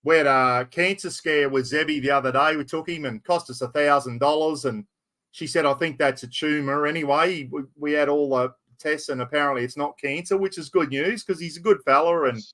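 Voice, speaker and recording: A man's voice: a little high, brisk, sharp tone. A middle-aged Australian man hosting a casual live stream, rambling through stories and calling everyone "mate". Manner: rambling, storytelling, sprinkles "mate" and mild swearing. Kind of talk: casual chat.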